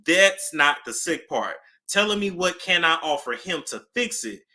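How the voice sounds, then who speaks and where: A woman hosting a casual celebrity gossip talk, animated, with nervous laughter and dramatic gasps. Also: fairly low pitch, moderate pace.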